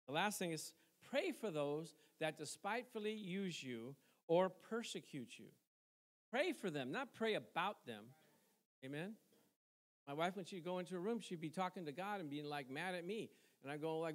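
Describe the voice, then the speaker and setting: A man's voice: sits high, lively intonation, moderate pace. A middle-aged male pastor preaching a sermon in a conversational way, tossing questions to the congregation and chuckling between points. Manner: conversational preaching with call-and-response asides and chuckles.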